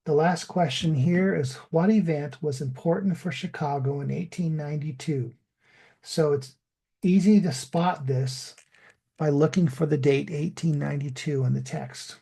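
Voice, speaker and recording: A man teaching an online English lesson, modeling words slowly and deliberately for learners. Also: a little high, gravelly, mellow, breathy edge. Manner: slow, deliberate, drawn-out model pronunciation.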